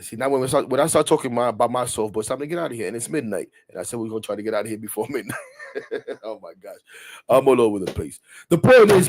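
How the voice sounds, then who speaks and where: Heated, rambling sports podcast host, man. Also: mid-range voice. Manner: animated, rambling, swears freely, gets heated. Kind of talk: casual sports talk podcast.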